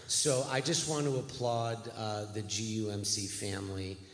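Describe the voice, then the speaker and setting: A man's voice: on the low side, fairly even intonation, moderate pace, a bit bright. A man, a rabbi giving an earnest, folksy guest speech in a church sanctuary. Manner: folksy, earnest, self-deprecating. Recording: echoey church hall.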